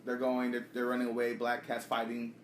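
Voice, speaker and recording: A man chatting casually on a podcast, recapping a comic book in a rapid, profane way. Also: medium pitch, completely flat delivery, slight background noise. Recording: echoey room.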